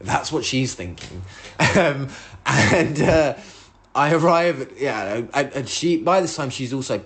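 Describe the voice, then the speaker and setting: A man's voice: mid-range voice, animated, measured pace, a bit bright, a little hiss or hum. A man hosting a solo podcast, telling a rambling story with lots of swearing and acted-out outbursts of his own. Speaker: podcast host.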